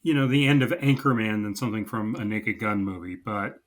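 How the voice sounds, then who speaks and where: A man's voice: on the low side, a little fast. A man co-hosting a podcast, chatting casually about a movie and agreeing easily with his co-host. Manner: relaxed, agreeable, many short affirmations.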